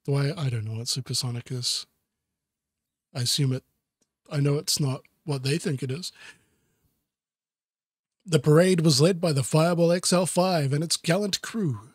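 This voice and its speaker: Deadpan man reading a kids' book. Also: fairly high pitch, moderate pace, pauses often, husky, no echo, clean studio sound. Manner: deadpan, self-mocking asides. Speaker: reader of a children's book. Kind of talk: sarcastic comedic book reading.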